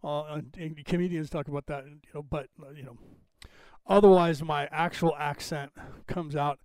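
A rambling man in his fifties with a plain West Coast American accent talks casually on his podcast stream and thinks aloud as he goes. His voice sits a bit high for a man. The sound is dry and close, with no room around it. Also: fairly even intonation, moderate pace, darkish tone, no echo. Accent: General American, West Coast. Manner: rambling, chatty, thinks aloud while fixing the screen. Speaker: podcast host. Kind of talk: casual livestream commentary.

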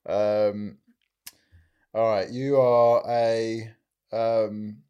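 A man with a fairly low voice co-hosts a comedy podcast in casual chat. He needles his partner with dry, teasing ribbing. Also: little pitch movement, drawn-out words, warm tone, clear, resonant tone, lo-fi sound. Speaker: podcast co-host and producer.

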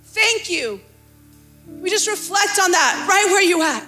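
Young woman pastor, very high and sharp-toned, passionate sermon delivery, faint music under. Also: lively intonation, unhurried. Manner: passionate, rising to fervent exclaiming.

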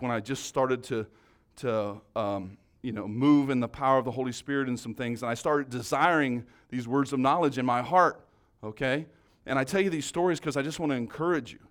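A man giving a conversational church teaching, earnest and encouraging, rising loud then dropping soft. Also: medium pitch.

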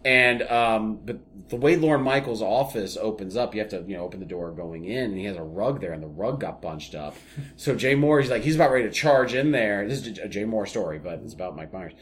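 Man, casual podcast chat, very lively pitch, swearing storyteller. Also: a little hiss or hum. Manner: animated storyteller, swears, quick asides. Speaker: podcast co-host.

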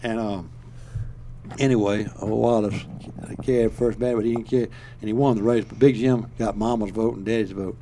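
A man's voice: on the low side, fairly even intonation, normal speed, mellow, slight background noise. Older Alabama man telling folksy stories. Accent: Southern US, Alabama. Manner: folksy, rambling, chuckles often. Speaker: storyteller. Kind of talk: casual storytelling.

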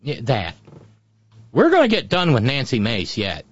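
A man's voice: medium pitch, wildly swooping pitch, brisk, dry recording. A man hosting a political talk show, delivering sarcastic, mocking commentary. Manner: mocking, sneering, does mocking impressions. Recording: dry, dull lo-fi audio.

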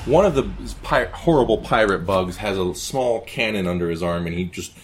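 A man's voice: low voice, slight background noise. A man narrating a tabletop game as game master, playful and vivid.

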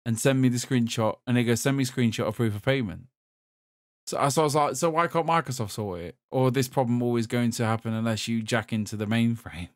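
A man from England chats on a gaming podcast. His voice sits in the middle of the range and the sound is dry and close. He tells stories in an animated way and laughs as he talks. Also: medium pitch, no room sound. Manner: animated storytelling, quoting others, laughing. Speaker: podcast host. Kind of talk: casual chat.

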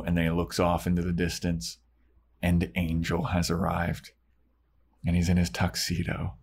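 A man's voice: low-pitched, monotone, normal speed, creaky, a little mellow, breathy edge. A man co-hosting a podcast, casually recapping a TV episode and acting out the characters' lines as he retells it. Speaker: podcast co-host. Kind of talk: casual chat, recapping a show.

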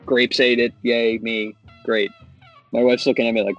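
A man's voice: medium pitch, flat delivery, normal speed, muffled recording, faint music behind. A man in his thirties or forties, a father, telling a long story with exasperated asides in a casual chat.

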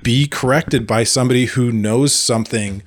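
A man co-hosting a casual movie podcast, talking in an animated way with many restarts. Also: medium pitch, moderate pace. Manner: animated, restarts often, acts out quotes. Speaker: podcast co-host. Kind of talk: casual chat.

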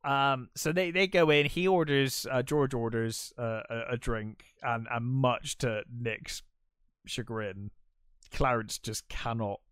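A man co-hosting a casual film podcast, talking in halting bursts, repeating words and chuckling often. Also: mid-range voice, fairly bright tone, clear, resonant tone, dry recording, studio quality. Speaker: podcast co-host.

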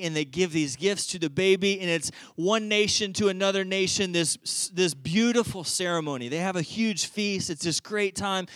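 A man preaching with a high-pitched voice, telling the story in a casual, animated way. The sound is dry and close, with no room echo. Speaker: pastor. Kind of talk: sermon.

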